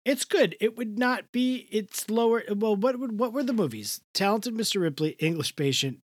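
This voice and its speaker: A man's voice: sits high, animated, normal speed, no echo. A man co-hosting a podcast in casual, jokey chat, swearing often. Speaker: podcast co-host.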